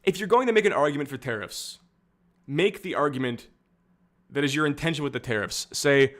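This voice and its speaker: A man's voice: fairly high pitch, lively intonation, brisk, a bit bright. A young man streaming casual political commentary, rambling and candid, with frequent fillers and restarts.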